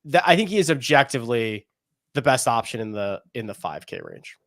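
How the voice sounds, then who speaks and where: A man co-hosting a podcast, talking through golf betting picks in a rambling, animated way with laughs in between. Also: medium pitch, fairly quick, dry recording, clean studio sound. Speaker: podcast co-host. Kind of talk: casual golf betting chat.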